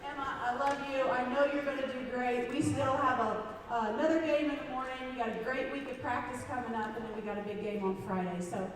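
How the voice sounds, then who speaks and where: A Midwestern American woman coach speaks to a crowd in a school gym, her voice high and carried by a long, booming echo. She is recorded from far off, the sound spread wide across the hall. She tells her stories warmly, and her voice turns emotional now and then. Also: fairly even intonation, fast, few pauses, slight background noise. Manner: warm storytelling, emotional, self-deprecating jokes. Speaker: girls basketball coach. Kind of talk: senior night speech to a gym crowd.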